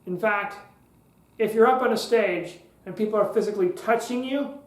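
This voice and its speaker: A man's voice: sits high, moderate pace, roomy sound, rough recording. A man hosting a podcast lesson on public speaking, talking in a conversational way with joking asides.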